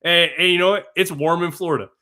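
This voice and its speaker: A young man co-hosting a casual sports betting podcast, opinionated and emphatic, breaking into fast rants. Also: sits high, steady tone, sharp tone. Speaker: co-host analyst.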